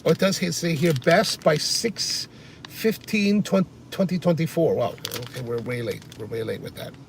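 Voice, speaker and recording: Male car vlogger, casual and rambling, gravelly voice, faint road noise. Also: on the high side, a little slow. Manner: chatty, rambling, answers viewer comments. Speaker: coffee vlogger. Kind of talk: casual chat while driving. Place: inside a car on the highway.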